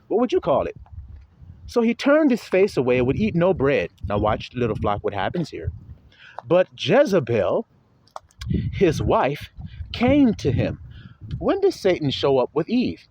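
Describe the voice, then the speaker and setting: A man teaching a Bible passage to his followers in an animated, mocking, sermon-style commentary. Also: fairly high pitch, moderate pace, a little hiss or hum. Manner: animated, mocking, laughing often.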